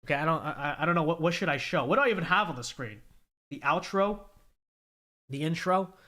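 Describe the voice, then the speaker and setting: Stuffy-nosed guy with a high voice, ranting on his stream, sarcastic and repeating himself. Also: expressive, a little fast, bright, forceful tone. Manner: emphatic, repetitive, sarcastic. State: congested. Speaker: host of a political livestream. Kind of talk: ranting political commentary.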